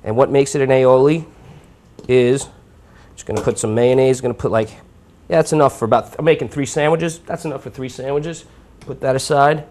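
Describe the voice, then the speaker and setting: A young man from New York talks his viewers through a recipe in a relaxed, chatty way. His voice sits in a middle pitch. He narrates each step as he cooks live. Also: a little fast. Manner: chatty, informal, talks while cooking. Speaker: cooking show host. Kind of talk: live cooking demonstration. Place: home kitchen.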